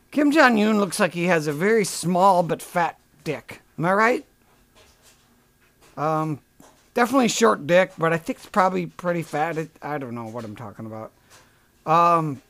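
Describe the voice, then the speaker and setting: Sarcastic, high-voiced ranting man. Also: a bit bright, no echo. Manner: sarcastic, profane, rambling. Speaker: podcast host. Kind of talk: comedic rant.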